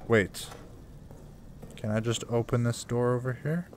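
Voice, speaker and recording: In an unhurried, darkish medium-pitched voice, a man commentates casually on his survival horror playthrough for YouTube, chatty but jumpy and laughing nervously at the frights. A little hiss or hum runs under the audio.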